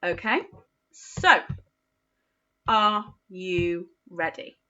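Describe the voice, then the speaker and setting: A woman teaching a phonics lesson to young children, speaking slowly with exaggerated, encouraging praise. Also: on the low side, sharp tone, lo-fi sound. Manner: slow, encouraging, sing-song teacher talk with exaggerated praise. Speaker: early years teacher.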